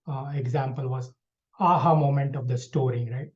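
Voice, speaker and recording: A man's voice: medium pitch, fairly even intonation, normal speed. A man giving a spoken evaluation at an online club meeting, hesitant, with many fillers and restarts. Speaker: speech evaluator. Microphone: video call. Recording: dull lo-fi video call audio.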